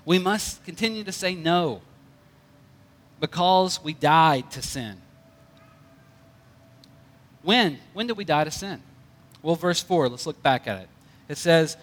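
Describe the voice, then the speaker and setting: A man's voice: fairly high pitch, lively intonation, slow pace, pauses often, long reverb tail. A male pastor preaching a conversational sermon with light jokes.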